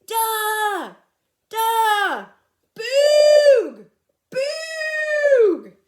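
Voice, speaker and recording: Woman doing a bossy shouting boy. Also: high voice, very animated, unhurried, voice pushed up. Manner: shouting, eager. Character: bossy excitable boy leading a rescue.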